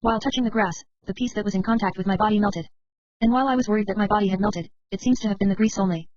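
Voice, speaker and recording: A woman reading a novel aloud as first-person narration, in a brisk, steady way of telling an inner monologue. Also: mid-range voice, no room sound. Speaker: audiobook reader. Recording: dry, slightly muffled recording.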